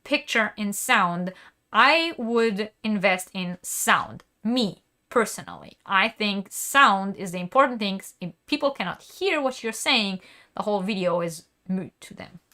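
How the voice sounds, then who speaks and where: A woman's voice: medium pitch, sing-song, a little slow, pushed and bright. A woman hosting a crafting live stream, chatting casually and reading viewer comments aloud. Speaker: crochet channel host.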